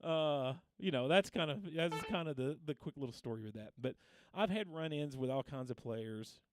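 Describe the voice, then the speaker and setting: A man's voice: mid-range voice, animated, moderate pace, background noise. A man hosting a casual guitar livestream, telling long rambling stories with many restarts and reading out viewer names. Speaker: guitar teacher and livestream host.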